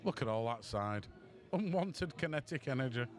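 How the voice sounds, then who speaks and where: Bloke a bit drunk, rambling chatty pool commentary, mid-pitched voice. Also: male voice, expressive, normal speed. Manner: chatty, rambling, self-mocking. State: tipsy. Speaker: stream commentator.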